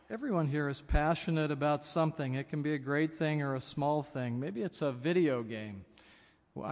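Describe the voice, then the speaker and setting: A man's voice: on the high side, long reverb tail. A man preaching a reflective sermon, earnest and thoughtful, often building up to emphatic questions. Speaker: pastor.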